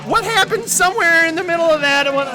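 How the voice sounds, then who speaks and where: A man casting a live tournament game, shouting in hyped excitement, with a cheering crowd and music behind him. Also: extremely high pitch, quick pace. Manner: shouting, hyped, loud exclamations. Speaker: esports caster.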